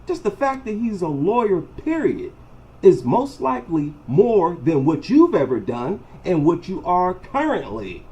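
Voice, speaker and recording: A man's voice: sits high, very animated, measured pace, darkish tone, poor audio. A man giving a heated, mocking opinion monologue as a commentator. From United States. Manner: combative, mocking, emphatic.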